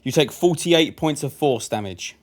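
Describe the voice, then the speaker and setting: A young man acting as game master, narrating a tabletop game in a lively, chatty way. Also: on the high side, normal speed.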